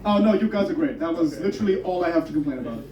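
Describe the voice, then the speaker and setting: A young man from Germany doing a stand-up comedy set, animated and self-interrupting as he jokes. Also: a little high, rapid-fire, a crowd in the background. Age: young adult. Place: comedy club stage. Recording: roomy, muffled club audio from a distance.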